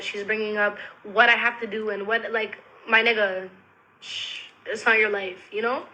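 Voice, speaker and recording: A woman's voice: on the high side, bright, forceful tone, poor audio. A young woman telling a personal story to the camera in a casual, rambling, candid way, blunt and full of slang and swearing.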